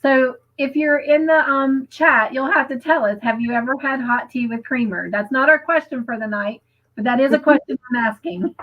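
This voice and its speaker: Her voice is high-pitched and her speed normal as she co-hosts a crafting livestream on lo-fi sound. She giggles frequently, reads viewers' comments aloud, chats casually and takes her time over stories.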